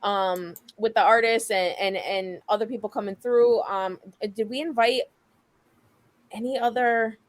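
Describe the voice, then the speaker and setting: A woman's voice: fairly high pitch, fairly even intonation, a little slow. A woman guesting on a podcast, laying out event details in a matter-of-fact way. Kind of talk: casual podcast chat.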